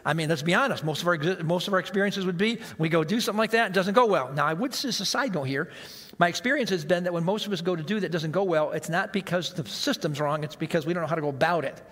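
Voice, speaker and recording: Guy preaching in a big echoey church, chatty, asks lots of questions, pretty high voice. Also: fast talker, a bit bright. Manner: conversational preaching with rhetorical questions. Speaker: pastor. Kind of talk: sermon.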